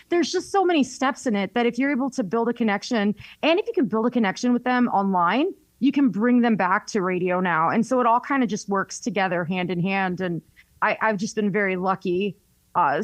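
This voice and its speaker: A young North Carolina woman with a Southern US accent, a radio personality, chats casually in an interview. Her medium-pitched voice has no echo, and she's chatty, laughs often, and leans heavily on fillers like "like."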